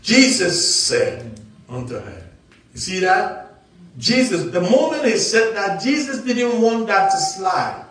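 Male preacher, raised pitch, calls and responses, recorded from afar in a reverberant church. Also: sing-song, a bit bright. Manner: preaching with call-and-response, drawn-out emphasis. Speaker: pastor. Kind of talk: sermon. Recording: echoey hall, distant from mic.

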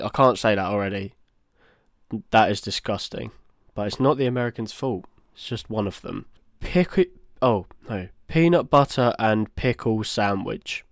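A man's voice: on the low side, clean tone, no room sound, studio quality. A man hosting a casual solo commentary, reacting with blunt, exasperated remarks. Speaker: host.

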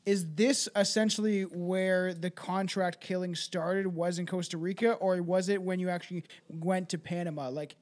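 A man hosting a dark comedy podcast, asking long, rambling questions full of fillers. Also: sits high, fairly even intonation, normal speed, few pauses. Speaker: podcast host.

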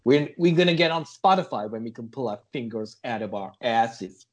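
Male podcast co-host, playful and teasing, with a husky, lively delivery. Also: medium pitch, moderate pace. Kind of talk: casual podcast banter.

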